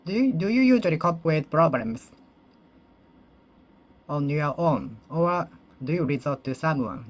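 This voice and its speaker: A native Japanese speaker practicing English alone, slowly repeating and rephrasing each sentence and correcting themselves as they go. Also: mid-range voice, expressive. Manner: slow, careful, deliberate. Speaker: English learner. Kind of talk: solo speaking practice monologue.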